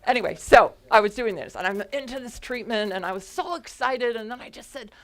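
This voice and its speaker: Woman minister telling a lively story. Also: fairly high pitch, fairly quick, few pauses. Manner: animated storytelling with frequent laughs. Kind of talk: sermon. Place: church service before a congregation. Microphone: headset mic.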